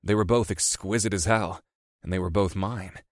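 A man with a fairly low voice reads a first-person novel aloud. His telling is wry and easygoing. The sound is close and dry, with no room around it. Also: steady tone, moderate pace, no room sound. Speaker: audiobook narrator. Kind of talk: first-person audiobook narration.

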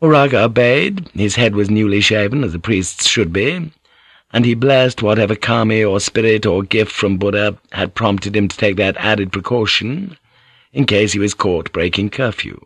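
A man with a fairly low voice reads an audiobook, measured and even in his storytelling. The sound is dry and close, with no room around it. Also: breathy edge, no echo. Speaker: audiobook narrator. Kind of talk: scripted narration.

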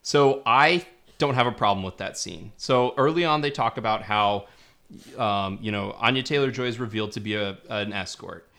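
A man's voice: on the low side, normal speed, vocal fry, a bit bright. A man co-hosting a podcast, casually giving his take on a film in a laid-back way and chuckling now and then. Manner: laid-back, chuckling, talks through his points with restarts. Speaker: podcast co-host. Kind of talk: casual film review chat.

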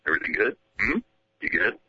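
A man putting on a gruff older male baseball manager who speaks in clipped, repeated short phrases. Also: low voice, expressive, fairly quick, bright, forceful tone, no echo, highs cut off, pitched below the performer's own voice, heavily acted.

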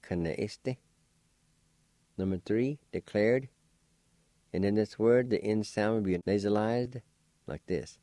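Slow, deep-voiced man teaching words. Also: mellow, dry recording. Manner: slow, deliberate, spells out syllables. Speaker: language teacher and radio host. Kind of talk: radio language lesson.

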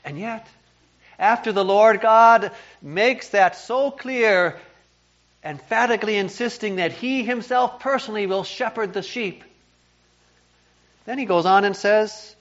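A man with a fairly high voice preaches a sermon, earnest and emphatic, now and then stumbling over a repeated word. The recording is dull and lo-fi, made in a church. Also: unhurried, long pauses, fairly bright tone. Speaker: pastor.

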